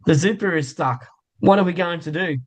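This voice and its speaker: A man with an Australian accent voicing two hapless male hunters stuck in a buffalo costume, in a deadpan joke-telling delivery. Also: high voice, fairly quick, muffled recording, voice pushed up, natural voice. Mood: panicked.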